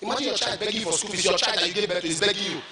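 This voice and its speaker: A Nigerian pastor in a sermon, with a man's voice that sits very high. He shouts and chants his points in a sing-song rhythm. He sounds far from the mic in an echoey hall. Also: very fast, a loud crowd. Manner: emphatic, shouted lines and sing-song repetition.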